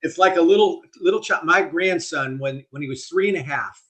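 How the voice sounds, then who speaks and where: An older man with a fairly high voice tells his stories with real animation. He leans into every vivid detail, the way a guest does in a lively podcast interview. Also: a little fast. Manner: animated storyteller, vivid delivery. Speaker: guest speaker.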